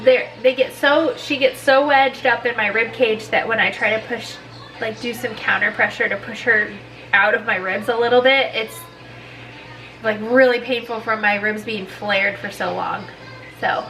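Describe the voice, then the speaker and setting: A woman's voice: fairly high pitch, fairly even intonation, moderate pace, pushed and bright, faint music behind, poor audio. A sick woman with a congested voice, chatting casually and rambling through a home vlog. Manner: tired, rambling, many likes and restarts. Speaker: vlogger.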